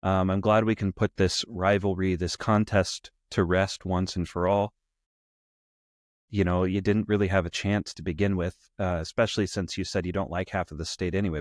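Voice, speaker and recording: A man's voice: low voice, steady tone, moderate pace, dry recording, studio quality. A man, a priest co-hosting a show, chatting casually in a wry, mock-gracious way, rambling and restarting his sentences. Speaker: priest co-host. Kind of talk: casual commentary chat.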